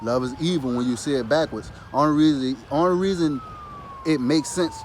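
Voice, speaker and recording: Slight background noise sits behind a man whose fairly high, a little mellow voice moves at normal speed. In a casual spiritual monologue, he swears without hesitation and says "you hear me" after nearly each phrase.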